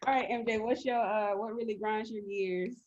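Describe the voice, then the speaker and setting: A woman's voice: medium pitch, fairly even intonation, moderate pace, a little mellow, muffled recording. A woman hosting a casual chat over a video call. She talks in a blunt, playful way and cusses freely.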